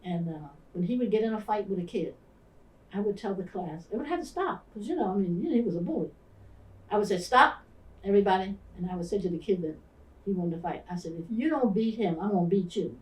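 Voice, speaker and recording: Speaking quickly in a mid-range voice, an elderly pastor from the Philadelphia area tells stories from her past for an interview. She's an animated narrator who imitates the people she describes, recorded from afar in a reverberant room.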